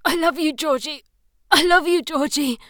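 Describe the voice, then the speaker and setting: A woman's voice: lowish voice, steady tone, fairly quick, dry recording, clean studio sound, close to an everyday voice. A woman voicing a nervous, inexperienced young man who speaks in raised, breathless outbursts. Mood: passionate.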